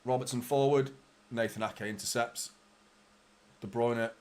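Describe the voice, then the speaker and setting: Frustrated football fan, swearing. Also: male voice, medium pitch, measured pace, pauses often. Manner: swearing, frustrated, rambling, talks to viewers. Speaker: fan channel host. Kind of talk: live football watchalong commentary.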